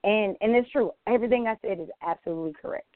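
A woman's voice: medium pitch, racing, no room sound. Woman on a tinny phone line. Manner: candid, animated storytelling with quoted asides. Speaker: panelist. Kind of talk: church women's panel discussion.

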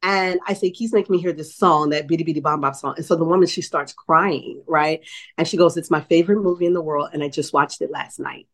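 A woman's voice: deep voice, brisk. A middle-aged woman from New Orleans, a psychic medium and author, telling stories as a guest and acting out quoted dialogue, often checking in with "right?". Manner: animated storyteller, acts out quoted dialogue, many "right?" asides. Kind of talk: storytelling in a conversational interview.

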